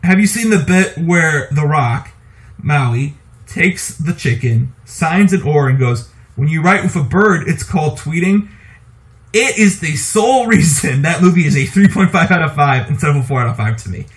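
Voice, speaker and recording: A man co-hosting a podcast, talking casually about movies in an animated, opinionated way and laughing often. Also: fairly high pitch, moderate pace. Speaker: podcast co-host.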